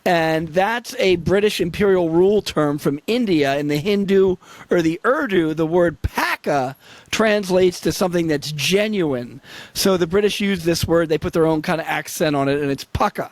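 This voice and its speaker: A man's voice: on the high side, normal speed, no echo. A man co-hosting a casual history discussion over a video call, explaining slang terms with examples. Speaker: podcast co-host.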